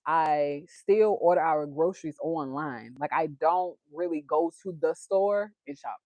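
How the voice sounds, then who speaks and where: A woman's voice: low-pitched, darkish tone, no room sound. A woman, chatting casually on a livestream, laughing often and reading viewer comments aloud. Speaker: livestream host.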